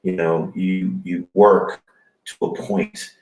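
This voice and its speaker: Podcast co-host, 40s, male, deep voice, reflective and halting, echoey studio. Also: level tone, a little mellow. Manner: halting, reflective, many restarts. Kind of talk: casual chat.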